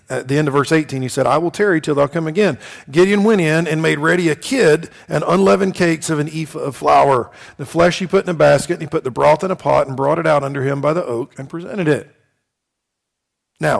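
A man teaching a Bible class in a folksy, conversational way, asking his listeners questions and reading scripture slowly. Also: a little high, creaky. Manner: reads scripture slowly and deliberately.

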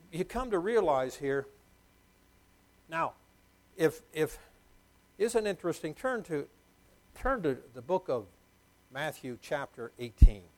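A man's voice: fairly high pitch, darkish tone, rough recording. A middle-aged man preaching a sermon, emphatic and repetitive, putting questions to the congregation. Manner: emphatic, repeats key words, quizzes the congregation. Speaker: pastor.

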